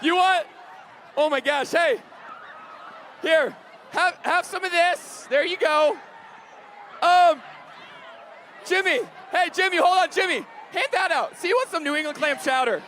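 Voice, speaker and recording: A man hosting a camp game on stage, shouting energetically to a crowd, his voice getting strained. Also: extremely high pitch, a little slow, long pauses, a little hiss or hum. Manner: energetic, loud, calling out to a crowd. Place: large camp event hall.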